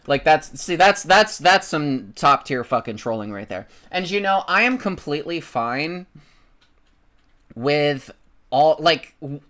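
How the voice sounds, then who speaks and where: A man's voice: fairly high pitch, lively intonation, measured pace, a bit bright. A man ranting in political commentary on a stream, sarcastic and swearing, mocking his opponents.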